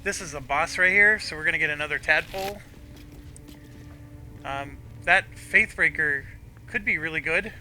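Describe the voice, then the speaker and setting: A middle-aged man talks through his gameplay in a very bright, clear-toned voice that sits a little high for a man. He thinks aloud in an easygoing way, with small restarts, while faint game music plays behind him. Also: normal speed, pauses often. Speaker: gameplay commentator. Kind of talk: casual let's-play commentary.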